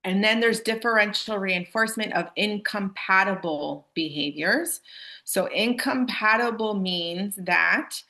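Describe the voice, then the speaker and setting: Chatty woman giving a bright staff training. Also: medium pitch, a little slow. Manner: casual, chatty, addresses audience as "you guys". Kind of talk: live staff training presentation.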